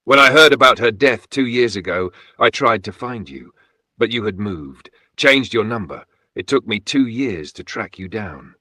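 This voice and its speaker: A man's voice: fairly low pitch, expressive, normal speed, bright, forceful tone, dry recording. A man voicing a stern older village chief who speaks firmly and formally. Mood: grave. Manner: firm, commanding, accusing.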